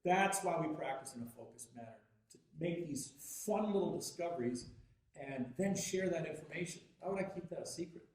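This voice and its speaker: A Canadian man giving a lively, jokey workshop talk on music and practice, telling stories and acting out voices. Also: brisk. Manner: animated, jokey, acts out voices with big pitch jumps. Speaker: guest teacher at a music workshop. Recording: very echoey hall, distant mic.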